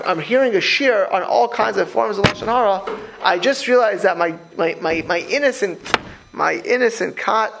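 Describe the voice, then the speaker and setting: Against a noisy background, a man with a high, gravelly voice teaches a Torah class as a rabbi. His delivery is animated and conversational, full of rhetorical questions and restarts where he repeats words while speaking directly to listeners.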